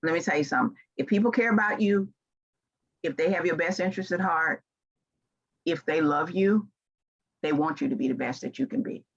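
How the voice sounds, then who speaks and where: A woman in her sixties with a Southern American accent gives an earnest, emphatic motivational keynote, rising into animated stretches. Her low voice is gravelly and slightly rough, brisk yet broken by long pauses. The audio is dull.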